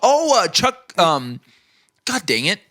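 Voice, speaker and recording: A man's voice: sits high, very animated, takes it slowly, bright, forceful tone, dry recording, studio quality. A man guesting on a podcast, giggling a lot and trailing off as he hunts for words in casual banter. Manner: giggly, laughs often, trails off searching for words.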